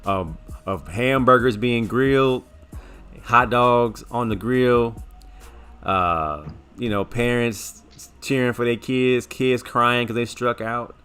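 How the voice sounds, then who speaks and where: Bright-voiced man telling a story. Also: mid-range voice, slow, clear, resonant tone, soft background music. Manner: rambling, animated, repeats words while recounting. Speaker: sports show co-host. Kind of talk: casual storytelling chat.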